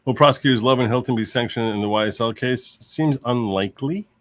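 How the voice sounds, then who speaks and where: A man on a live legal commentary stream who talks excitedly, repeats himself and reads chat comments aloud. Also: medium pitch, no room sound. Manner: excitable, repeats himself, quickly concedes points. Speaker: lawyer streamer reading chat.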